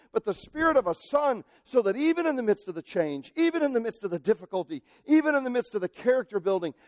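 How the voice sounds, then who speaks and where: Impassioned high-voiced male preacher. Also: no echo, studio quality. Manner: impassioned, swings from shouting to quiet. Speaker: pastor. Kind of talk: sermon.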